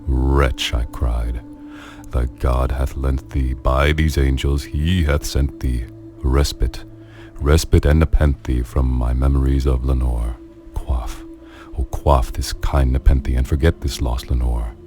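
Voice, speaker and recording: A man's voice: very deep voice, steady tone, slow pace, mellow. A man giving a theatrical, brooding dramatic reading of a poem. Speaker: narrator. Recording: clip with faint music behind. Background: faint music.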